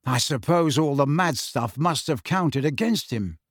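A man's voice: a little high, expressive, unhurried, breathy edge, no echo. A man doing a wry teenage wizard twin. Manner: dry, sardonic.

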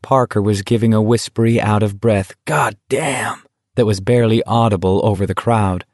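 A man narrates a novel in a measured, even reading. His voice sits low. The recording is close and dry, with no room sound. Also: dry recording. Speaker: audiobook narrator. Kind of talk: scripted narration.

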